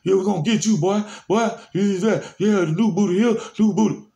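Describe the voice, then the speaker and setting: A man's voice: sits high, fairly quick, creaky, dull audio, voice pushed up. A man voicing a rowdy male inmate who jeers and taunts a newcomer through a door. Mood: jeering. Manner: jeering, shouted through a door.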